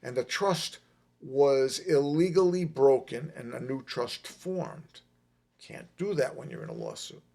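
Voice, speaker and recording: A middle-aged man telling a long personal story on a podcast, emphatic and animated, repeating his points. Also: mid-range voice, unhurried, vocal fry. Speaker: podcast guest. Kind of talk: casual storytelling.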